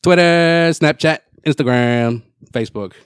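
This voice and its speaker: A man co-hosting a podcast, relaxed in casual chat and running the news recap segments. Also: a little high, a little slow, clear, resonant tone, no echo, clean studio sound. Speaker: podcast co-host.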